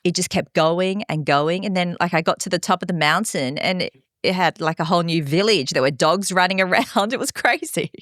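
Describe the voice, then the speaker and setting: A woman from Australia hosting a podcast, bubbly and quick with exclamations as she interviews a guest. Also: on the low side, a bit bright, no room sound, clean studio sound. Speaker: podcast host. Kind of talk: casual interview.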